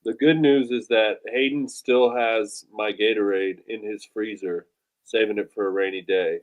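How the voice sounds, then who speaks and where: A man's voice: lowish voice, moderate pace. A man co-hosting a podcast, telling stories animatedly, swearing and acting out his own thoughts. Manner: animated storyteller, swears a lot, acts out his own inner voice. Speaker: podcast co-host. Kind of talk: casual podcast chat.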